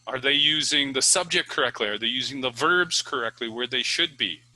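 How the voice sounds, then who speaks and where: A man's voice: medium pitch, fairly quick, pushed and bright, no echo, poor audio. A man who teaches English, giving casual advice to the camera in a chatty way, with many fillers and restarts.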